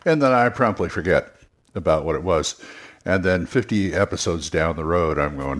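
A man's voice: low-pitched, lively intonation, moderate pace. A man hosting a podcast, talking casually and rambling with many restarts. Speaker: podcast host, game master.

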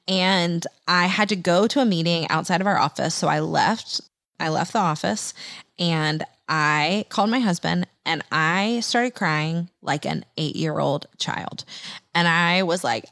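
A woman in her thirties hosting a faith podcast, telling a personal story in an animated way and acting out her own past voice. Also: normal speed, dry recording, studio quality. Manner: animated, acts out her own quoted voice in higher pitch. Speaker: podcast host.

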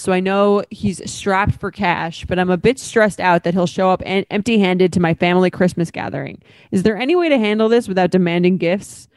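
A woman's voice: lowish voice, no room sound. A woman co-hosting a podcast. She reads listener emails aloud and then chats about them casually. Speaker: podcast co-host. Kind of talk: casual chat, reading listener mail.

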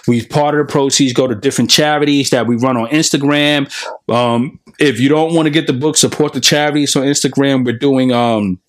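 Emphatic man giving a personal testimony. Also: medium pitch. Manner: emphatic, repetitive, preacher-like cadence. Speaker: podcast host.

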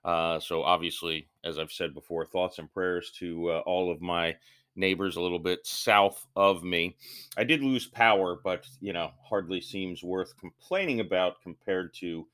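Deep-voiced man hosting a podcast. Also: fairly even intonation, a little slow, fairly bright tone. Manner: rambling, loose and self-deprecating. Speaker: podcast host. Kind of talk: casual solo podcast intro.

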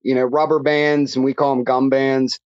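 A man's voice: mid-range voice, little pitch movement, moderate pace, darkish tone, no room sound, lo-fi sound. A man with a Pittsburgh accent, a musician guest chatting easily on a podcast call. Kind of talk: casual chat on a call.

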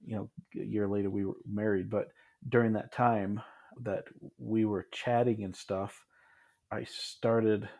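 A man's voice: fairly low pitch, level tone, measured pace, vocal fry, a little mellow. Man in his thirties telling a story. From Michigan, USA. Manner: reflective, many restarts and asides. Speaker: podcast guest. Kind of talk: casual storytelling in an interview.

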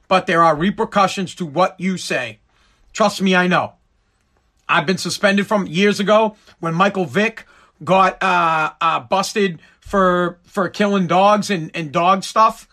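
A man with a radio background, talking in an animated, emphatic rant and swearing freely. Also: sits high, measured pace. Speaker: radio personality. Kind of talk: casual profane rant.

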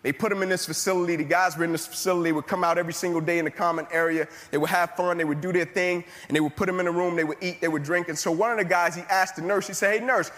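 A man's voice: sits high, steady tone, racing, few pauses, fairly bright tone. A man from the United States giving a passionate motivational speech and telling a story with rhythmic, repeated phrases. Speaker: motivational speaker. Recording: reverberant hall.

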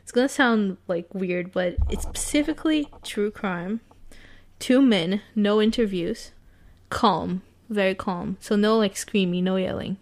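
A woman's voice: medium pitch, measured pace, darkish tone. A young woman from Brazil, co-hosting a podcast in a casual, rambling chat full of fillers and restarts. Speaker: podcast co-host.

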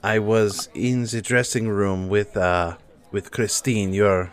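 A man playing a tabletop role-playing game, speaking in a halting, formal way in character. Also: fairly low pitch, fairly even intonation, clean tone. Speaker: player.

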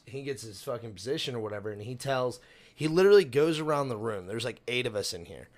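A young man co-hosting a podcast, telling a work story bluntly and swearing freely in casual chat. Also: medium pitch. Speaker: podcast co-host.

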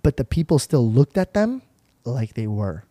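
Animated young man telling wild stories. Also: mid-range voice, moderate pace. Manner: animated, acts out voices in retellings, swears freely. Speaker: podcast host. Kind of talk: casual storytelling chat. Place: podcast studio.

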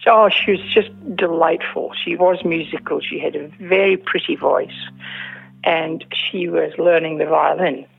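A woman's voice: sits low, measured pace. An older woman, a former music teacher, fondly remembering old friends in a casual interview over the phone. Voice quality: gravelly, husky. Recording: tinny phone line.

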